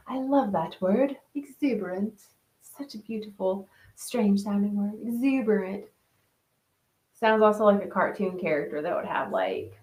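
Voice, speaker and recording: A woman hosts a casual reflection session for an online group. She talks in a loose, conversational way, reading out comments from participants and answering them. Her voice sits at a middle pitch and has a clear, roomy echo. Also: a little mellow. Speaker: wellness group host.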